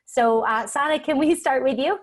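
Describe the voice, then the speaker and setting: A woman's voice: high-pitched, moderate pace. A woman hosting a video call chat with a playful, joking manner. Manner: playful and jokey. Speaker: host.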